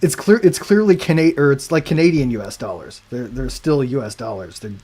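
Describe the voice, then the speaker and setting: A man's voice: medium pitch, brisk, dark tone, husky. A man co-hosting a casual podcast chat, wry and joking. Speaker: podcast co-host.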